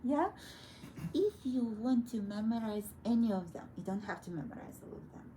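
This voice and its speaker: A woman teaching a young child piano, gently coaxing and encouraging her through each step. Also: a little high, animated, normal speed, a little hiss or hum, low-quality recording. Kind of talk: one-on-one children's piano lesson. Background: piano playing.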